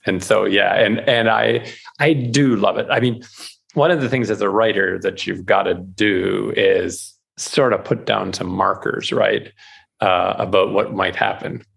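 A man, an author being interviewed, talking in a casual podcast conversation, animated and full of restarts, acting out quoted voices. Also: lowish voice, a little slow, vocal fry, breathy edge. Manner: animated, repeats and restarts words, acts out quoted inner voices. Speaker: author guest.

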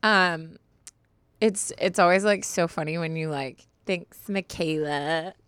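A woman's voice: lowish voice, a little slow, fairly bright tone, clear, resonant tone. Giggly young woman, chatty podcast host. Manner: chatty, giggly, uses like a lot. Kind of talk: casual podcast chat with ad read.

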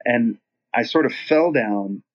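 Male guest, husky, loose rambling storyteller with a casual swearing manner, muffled lo-fi recording. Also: mid-range voice, expressive, slow. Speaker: band singer, guest.

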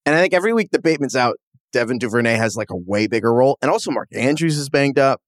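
A man co-hosting a sports podcast in casual chat, animated and chatty and quick to laugh at himself. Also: mid-range voice, dry recording, clean studio sound. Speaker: podcast co-host.

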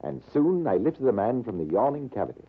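A man playing a British army major telling a tale in a dramatic, measured 1940s radio style, with a husky voice. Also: medium pitch, sing-song. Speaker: storyteller. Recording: narrow lo-fi old radio broadcast.

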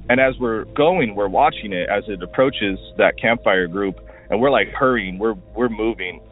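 A man from Washington State calling in to tell a rambling story, full of fillers, as a recorded voicemail. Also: on the low side. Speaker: caller. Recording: tinny phone line.

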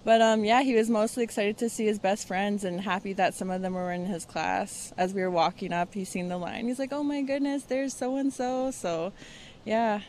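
A woman being interviewed as a parent, who answers in a relaxed, candid way full of ums. Her voice sits at a middle pitch, with faint outdoor ambience behind it near a school. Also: moderate pace, slight background noise.

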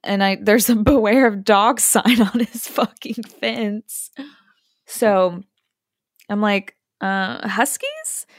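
A woman hosting a podcast, telling a story casually and acting out the quotes in hushed or high voices. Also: fairly even intonation, slow pace, no room sound, clean studio sound. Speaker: podcast host.

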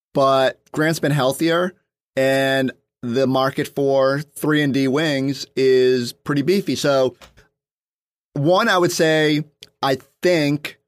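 A man in a casual podcast chat, working things out aloud with many restarts and fillers. His voice sits at an ordinary pitch, and the close mic leaves almost no room sound. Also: no echo. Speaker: sports reporter guest.

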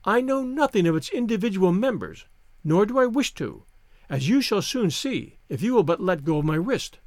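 A proud young woman spy, scornful and defiant, as a male audiobook reader puts her on. Her lines come in a high, lively voice. The sound is dry and close. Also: normal speed, no room sound. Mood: cool. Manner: scornful, indignant. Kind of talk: audiobook reading.

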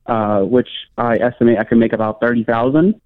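A man's voice: mid-range voice, fairly even intonation. Male caller on a tinny phone line. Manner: halting, with many fillers. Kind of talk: call-in question on radio.

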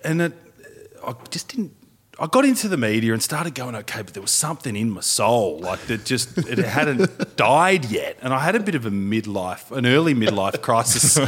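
Animated Australian man telling stories. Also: mid-range voice, husky. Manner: animated storyteller, laughing. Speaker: podcast co-host. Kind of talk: casual chat.

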